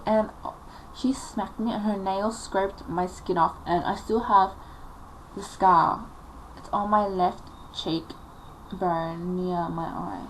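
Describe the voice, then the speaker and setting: A woman's voice: medium pitch, a little slow, a little hiss or hum, poor audio. A woman in her late teens telling a personal story on a confessional vlog, emotional and rambling, full of filler likes. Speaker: vlogger.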